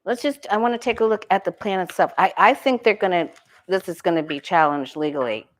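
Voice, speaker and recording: A woman's voice: fairly low pitch, brisk. Woman tarot reader, casual solo talk, muses aloud, self-questioning, frequent restarts.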